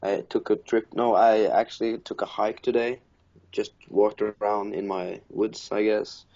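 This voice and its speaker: A man's voice: lowish voice, level tone, a little slow, warm tone. A man from Norway casually telling a crude, profane story about his own mishap and laughing at himself. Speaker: podcast co-host. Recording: dull lo-fi audio.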